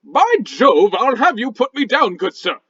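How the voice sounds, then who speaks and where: Man putting on a fussy posh British rock duke, high and lively, indignant, lo-fi sound. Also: measured pace, slightly rough, heavily acted. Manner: indignant, fussy, stuffy old-fashioned phrasing. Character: pompous talking rock, male duke, prissy and easily offended.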